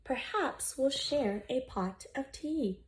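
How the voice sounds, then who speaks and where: A woman voicing a kind, gentle old zookeeper who is sniffly and weary, speaking softly in a storybook reading. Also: extremely high pitch, animated, slow pace, full character voice.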